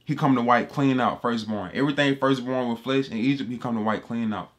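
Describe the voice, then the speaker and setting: Man, mid-pitched voice, casual Bible commentary, slangy, emphatic, repetitive. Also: steady tone, brisk. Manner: emphatic and repetitive, slangy street talk, addresses listeners as bro. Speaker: Bible teacher.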